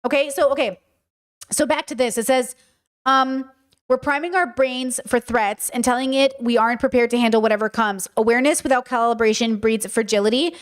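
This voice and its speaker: A woman in her thirties with an American accent, hosting a casual podcast monologue, animated and swearing often as she acts out her own reactions. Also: fairly high pitch, fairly quick. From United States. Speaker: podcast host.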